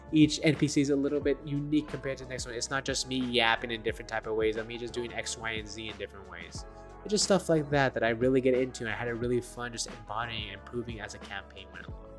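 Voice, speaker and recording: A young man talking casually to camera as a dungeon master, rambling and self-deprecating with nervous laughs, into a desk microphone. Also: mid-range voice.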